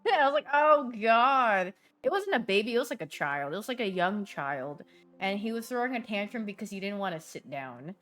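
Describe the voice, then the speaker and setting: A young woman streaming, chatting casually with her viewers and telling stories with lively voiced reactions. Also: mid-range voice, brisk.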